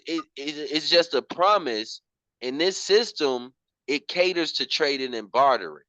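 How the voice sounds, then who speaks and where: A man's voice: a little high, fairly bright tone, no room sound, muffled recording. A man teaching finances in casual slang, often repeating himself and calling his listener "bro". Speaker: program instructor.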